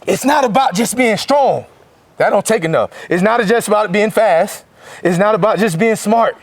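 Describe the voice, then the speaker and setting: A man in his forties from Florida delivers a motivational speech to young football players. His voice sits fairly high, and he preaches emphatically, stacking rhymes and dropping into street slang. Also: fairly quick, no room sound. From Florida, USA. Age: 40s. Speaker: motivational speaker to a football team.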